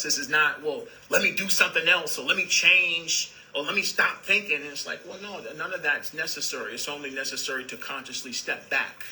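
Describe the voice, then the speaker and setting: A man speaking as a spiritual teacher, calm and repetitive, who addresses his listeners as "beloved". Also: on the high side, low-quality recording. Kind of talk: spiritual talk.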